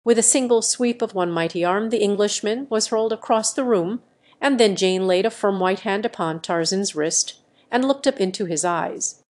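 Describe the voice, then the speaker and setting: A computer-made woman's voice reads a novel aloud at a mid pitch. The delivery is steady and even, with the neat pacing of scripted audiobook narration. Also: moderate pace. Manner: steady synthetic reading voice.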